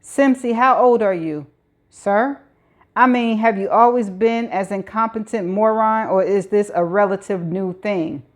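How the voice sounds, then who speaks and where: A gruff, hard-bitten prison warden snaps out his words with harsh hostility, voiced by a woman reading aloud. His tone stays rough and commanding throughout. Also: medium pitch, a little slow, close to an everyday voice.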